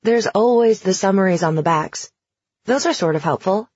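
Woman reading an upbeat teen theater girl, husky voice, dull lo-fi sound. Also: mid-range voice, moderate pace, a little mellow, no echo, natural voice. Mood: friendly. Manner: upbeat, chatty. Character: friendly teenage girl, confident theater kid.

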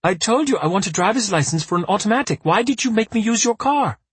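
Man doing a high shrill woman, flustered learner driver, shouting, husky, dry close sound. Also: lively intonation, fast talker, no room sound. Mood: indignant.

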